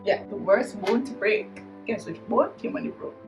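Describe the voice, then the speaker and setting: A woman's voice: medium pitch, normal speed, far from the mic, poor audio. A young woman with a Jamaican accent, telling a dramatic personal story in a vlog, laughing often as she goes. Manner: animated, dramatic retelling with frequent laughs. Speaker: vlogger. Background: music.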